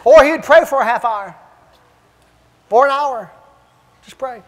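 High-voiced man preaching in a church. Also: measured pace. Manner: animated, repetitive, emphatic. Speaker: evangelist. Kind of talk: preaching with storytelling. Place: church sanctuary. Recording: long church-hall reverb.

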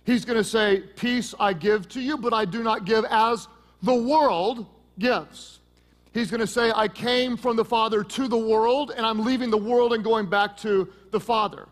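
Joking pastor with a high voice. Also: male voice, a little slow. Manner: joking, lively preaching with sudden loud peaks. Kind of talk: sermon.

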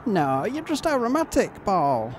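Older man, deadpan scolding. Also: high-pitched, measured pace. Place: busy tourist town outdoors. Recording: busy crowd noise around.

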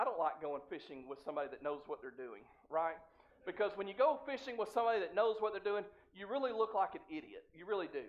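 A male pastor preaching a sermon, acting out the dialogue of the story and putting questions to the congregation. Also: high voice. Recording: muffled, slightly lo-fi church recording.

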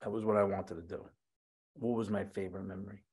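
A man's voice: low voice, fast, husky. A middle-aged man, a chef and restaurateur, telling stories in a casual interview and acting out the dialogue as he goes. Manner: animated, acts out quoted dialogue, swears casually.

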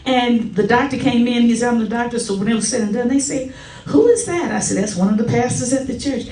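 A woman's voice: a little high, a little fast, far from the mic. Middle-aged woman telling stories in an echoey church. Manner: lively storytelling, acting out quotes. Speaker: church member giving a tribute. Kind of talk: personal testimony at a church service. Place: church sanctuary.

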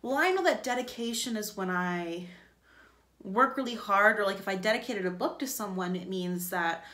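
A woman's voice: mid-range voice, animated, normal speed, pushed and bright. A woman music teacher giving an upbeat virtual lesson to young children, chanting rhythms for them to repeat.

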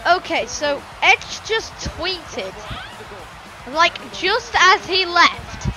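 A woman giving excitable play-by-play commentary on a wrestling video game, shouting and gasping at big moments and rambling between. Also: extremely high pitch, drawn-out words, music in the background, low-quality recording.

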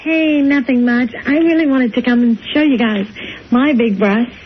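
A woman's voice: a little high, normal speed, slight background noise. A woman calling into a radio show, talking in a flirty, giggly way. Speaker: caller. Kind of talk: radio call-in chat. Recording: lo-fi radio aircheck.

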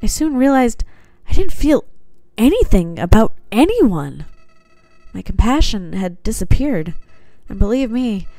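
A woman's voice: on the high side, very animated, a little slow, warm tone, no echo, voice pushed up. Flowey, a woman voicing a sinister soulless flower. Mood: coldly confiding. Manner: reads game dialogue aloud in a put-on voice, slightly theatrical. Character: sinister soulless talking flower, cold and manipulative. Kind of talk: reading game dialogue aloud.

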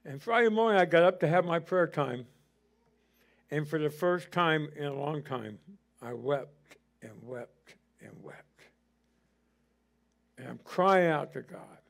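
A middle-aged male pastor delivering a sermon in a notably high voice. He talks through a personal story with fervor and builds to near shouting at the height of his points. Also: moderate pace, creaky.

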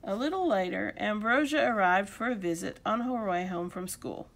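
A woman reading a children's picture book aloud with expressive storytelling delivery. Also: medium pitch, normal speed, vocal fry, few pauses. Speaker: storybook reader.

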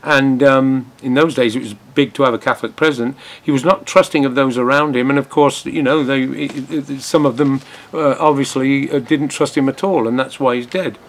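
An older man talks through a newspaper article in a political commentary. His voice sits at an ordinary middle pitch. He stumbles and restarts often as he reads and comments. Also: steady tone, moderate pace. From Britain.

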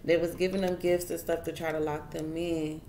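A woman's voice: low-pitched, flat delivery, normal speed, mellow, roomy sound, slight background noise. A woman giving a casual tarot reading straight to her viewers, chatty and repeating herself as she goes. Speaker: tarot reader.

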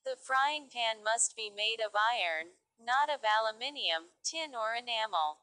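A woman's voice: fairly high pitch, lively intonation, measured pace, pushed and bright, rough recording. A woman reading stories aloud carefully for English learners. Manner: careful, clear reading pace. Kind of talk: slow read-aloud narration.

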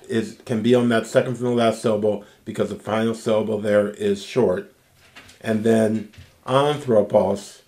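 A man teaching a recorded Greek grammar lesson, explaining slowly and patiently and checking in with "okay?". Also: on the low side, warm tone. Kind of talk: recorded language lecture.

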